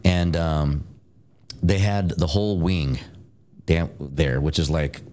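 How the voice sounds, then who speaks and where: Middle-aged male guest with a very low voice, casual rambling storyteller, peppers talk with fillers and curses. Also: takes it slowly, a little mellow. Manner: rambling, many fillers and tags, swears, laughs often. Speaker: guest, military veteran.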